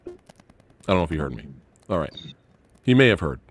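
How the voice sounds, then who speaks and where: Podcast host guy, bouncy pitch, stumbles over his words. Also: very animated, fairly quick, husky. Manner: hesitant, stammering. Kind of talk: casual chat.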